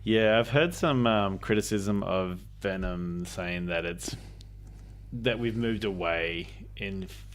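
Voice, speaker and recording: A man with an Australian accent chatting casually as podcast co-host, rambling and halting, often restarting his sentences. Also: low voice, slight background noise. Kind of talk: casual chat.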